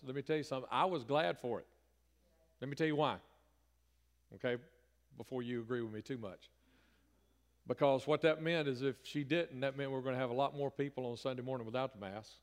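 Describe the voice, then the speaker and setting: Folksy pastor preaching in a hall. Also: male voice, medium pitch. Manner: folksy, conversational preaching with rising emphatic bursts. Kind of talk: sermon. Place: church sanctuary. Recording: reverberant church hall.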